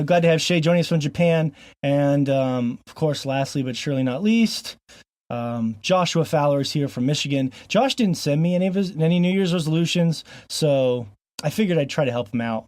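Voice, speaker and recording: Male podcast host, slightly high voice, jokey banter, close dry mic. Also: a little mellow, no echo. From Montana. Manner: jokey, laughs often, fillers like um.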